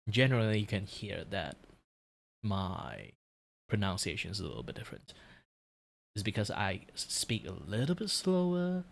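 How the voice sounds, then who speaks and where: A man chats casually on a live stream while he draws. His voice is fairly low, and he rambles along in an unhurried, explanatory way. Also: gravelly, a bit bright. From Malaysia.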